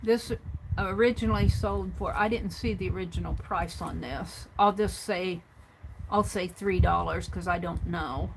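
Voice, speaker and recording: Slow chatty woman showing a craft haul. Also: lowish voice, gravelly, background noise. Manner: chatty, thinking aloud while tallying prices. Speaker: craft vlogger. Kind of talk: casual show-and-tell of a craft haul.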